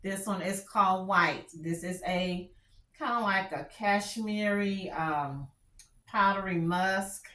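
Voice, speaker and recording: A woman's voice: mid-range voice, slow, sharp tone, roomy sound. A woman with a country Texas drawl chatting candidly as she reviews fragrances, often restarting her sentences. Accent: Texan. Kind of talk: casual product review chat.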